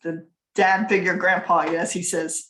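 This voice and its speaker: A woman's voice: fairly low pitch, unhurried. Middle-aged woman presenter, chatty trainer who laughs a lot, recorded in an echoey room. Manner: chatty, laughs often, animated storytelling. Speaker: business workshop presenter. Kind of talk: casual training talk.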